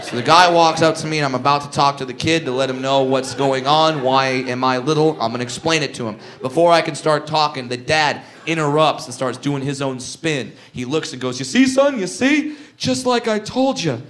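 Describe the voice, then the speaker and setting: A man performing a stand-up comedy routine, profane and animated, shouting his punchlines. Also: mid-range voice, fairly quick, hardly any pauses.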